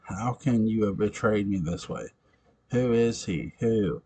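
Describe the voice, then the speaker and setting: A man's voice: lowish voice, animated, measured pace, warm tone, a little hiss or hum. A man reading the part of a jealous, enraged male vampire in an amateur audiobook, with a snarling, menacing delivery.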